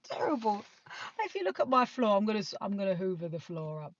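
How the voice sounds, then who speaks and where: A woman's voice: mid-range voice, sing-song, quick pace. Chatty British woman live-streaming, lo-fi. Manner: rambling, chatty, laughs often, swears casually. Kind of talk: casual live-stream chat. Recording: dull lo-fi sound.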